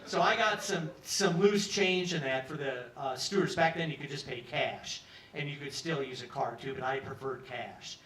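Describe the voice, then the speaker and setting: A man's voice: mid-range voice, moderate pace, a bit bright, slight background noise. Rambling male storyteller in a pub. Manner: rambling, conversational, acts out quotes. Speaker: storyteller at an open mic. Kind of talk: live comic storytelling. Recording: roomy live pub sound from a distance.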